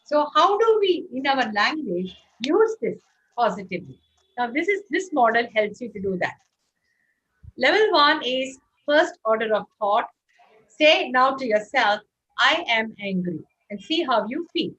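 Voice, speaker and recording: Animated woman leading an online lecture. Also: high voice, a little slow, husky. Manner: animated, coaxing participants to respond. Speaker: speaker leading an online workshop. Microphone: video call. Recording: muffled lo-fi video call audio.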